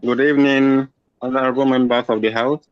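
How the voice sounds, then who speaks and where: Man, donation reporter; mid pitch, hesitant, dry and muffled line. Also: level tone, fairly quick, clean tone. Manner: hesitant, many uhs. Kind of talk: reading out donations on a call.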